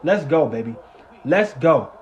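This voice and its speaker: Mouth full of food, a man calls a football game live and reacts to every play, lurching from low muttering to shouting and swearing. His voice runs on the high side at a measured pace, and the recording is reverberant with the highs cut off.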